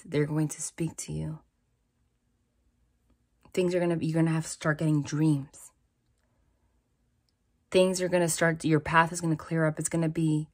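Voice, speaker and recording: Chatty woman giving a spiritual reading. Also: deep voice. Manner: chatty, reassuring, lots of "like" and "right?". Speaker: tarot reader.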